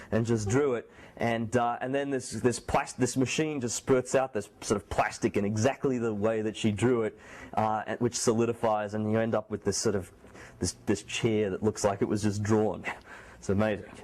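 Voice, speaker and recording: This university math lecturer speaks in a fairly low, somewhat dark voice that sounds a little sore. In a classroom lecture hall, he keeps things loose and conversational, frequently restarting sentences and correcting himself.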